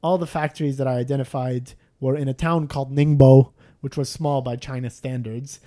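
A man's voice: mid-range voice, fairly even intonation, brisk, warm tone. A man in casual chat telling a long travel story, rambling with restarts and self-deprecating jokes.

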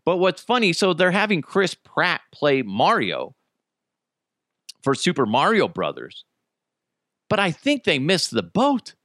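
A man's voice: fairly high pitch, a little slow, pauses often, no echo, studio quality. A man hosting a podcast, chatting casually and rambling, with frequent swearing. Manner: animated, profane, rambling. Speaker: podcast host. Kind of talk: casual comedic chat.

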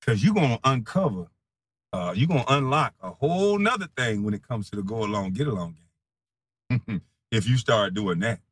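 A man in a heated, profane monologue, defiant and mocking, laughing scornfully and swinging between low mutters and loud taunts. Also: expressive, normal speed, no echo. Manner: casual slang-heavy speech.

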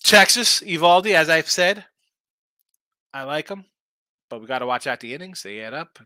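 Guy doing mlb picks, bright kinda high voice, rambly, keeps asking what teams are doing. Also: lively intonation, moderate pace, no echo. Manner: rambling, opinionated, rhetorical questions. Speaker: sports betting host. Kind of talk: casual sports talk.

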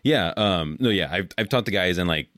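A man hosting a casual podcast, asking loose, halting questions. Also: low-pitched, lively intonation, a bit bright, no room sound, studio quality. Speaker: podcast host.

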